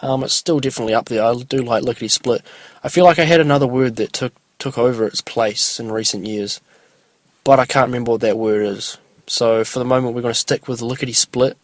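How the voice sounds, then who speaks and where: A young man hosts his solo podcast with a mid-range voice, fairly even intonation and a slightly quick pace. He rambles in a laid-back way, full of ums and loose asides, in casual chat on a dry recording.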